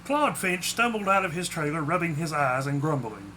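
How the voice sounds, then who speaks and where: A man's voice: a little high, big pitch swings, moderate pace, pushed and bright, slight background noise, rough recording. A man reading aloud his own short story, with small slips. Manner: plainly spoken with small slips. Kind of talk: storybook narration.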